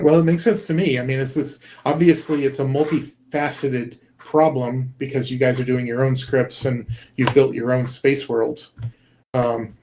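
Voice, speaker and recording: A man's voice: medium pitch, background noise. A middle-aged man, a game developer guest, talking earnestly and rambling, with many fillers and restarts, over a video call. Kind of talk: casual conversation.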